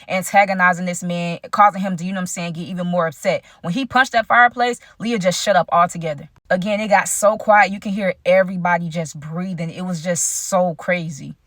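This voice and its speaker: A woman's voice: on the low side, fairly bright tone, no echo. A young woman telling a dramatic personal story to her viewers in a casual way, speaking straight to them. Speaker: storytime vlogger.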